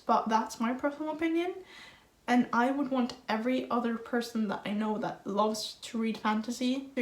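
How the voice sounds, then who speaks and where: Young woman, book vlogger, emotional and gushing, higher voice, echoey room sound. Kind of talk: casual vlog talk to camera. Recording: roomy echo.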